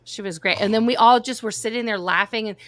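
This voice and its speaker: A woman in her forties co-hosting a casual livestream chat, telling stories in an animated way. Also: on the high side, fast, no room sound. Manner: animated storytelling. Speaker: co-host.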